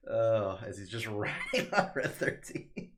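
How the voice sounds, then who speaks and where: Deep-voiced male co-host, eager and foul-mouthed, casual talk. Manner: enthusiastic, profane, acts out quotes loudly. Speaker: co-host explaining the story. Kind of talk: casual chat.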